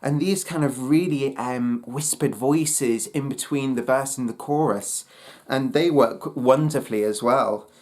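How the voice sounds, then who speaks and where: A man talks through an album review in an unhurried, halting way. He keeps stopping to search for words, with many fillers and restarts. His pitch sits in an ordinary middle range. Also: a little mellow. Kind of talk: casual spoken album review.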